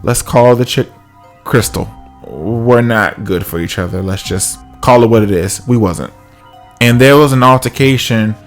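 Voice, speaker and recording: A man's voice: mid-range voice, measured pace, soft background music. A man casually telling a comic personal story, acting out the other people's voices.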